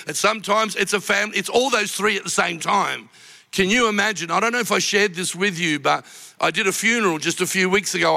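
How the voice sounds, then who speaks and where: Aussie pastor preaching, bright gravelly voice, big echoey church hall. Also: male voice, sits high. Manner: emotional storytelling, rising to impassioned cries. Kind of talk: sermon. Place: large church auditorium. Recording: long reverb of a large church hall.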